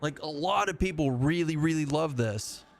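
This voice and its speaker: A man's voice: a little high, normal speed, creaky, slight background noise. A man chatting casually as he streams a game live, rambling and self-mocking and laughing often.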